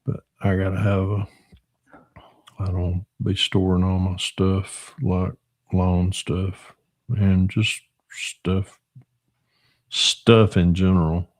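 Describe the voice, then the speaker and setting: A man's voice: deep voice, flat delivery, slow pace, pauses often, dry recording. A middle-aged man from Northwestern Georgia with a Southern accent, hosting a casual livestream while he builds a model car and answers chat in a folksy drawl.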